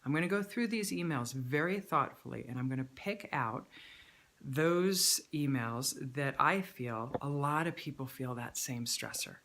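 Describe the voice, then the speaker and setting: A woman stress-management coach filming herself on a handheld camera, teaching a tapping technique and calmly repeating affirmations. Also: extremely low pitch, unhurried, a little hiss or hum. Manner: calm, repetitive, speaks affirmations while tapping. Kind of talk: self-help tutorial with spoken affirmations. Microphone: handheld camera at arm's length.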